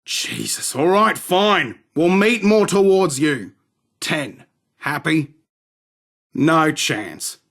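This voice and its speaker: A swaggering, foul-mouthed arms dealer. He talks in a slow, unhurried drawl, his voice sitting a little high for a man. Every line is sardonic and dismissive. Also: sing-song, fairly bright tone, heavily acted. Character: cocky, crude male London arms dealer. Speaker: game character. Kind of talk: game voice acting.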